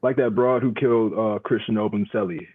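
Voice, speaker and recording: A man on a casual panel chat, chiming in with quick interjections and agreement. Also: on the low side, fairly even intonation, slightly rough, dry recording, narrow, tinny audio.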